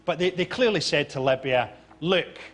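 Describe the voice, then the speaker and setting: High, lively Scottish man. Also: moderate pace. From Scotland. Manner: wry, jokey delivery. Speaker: comedy panelist. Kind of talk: quick-witted panel show banter. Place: TV studio with live audience. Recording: studio show with loud audience laughter.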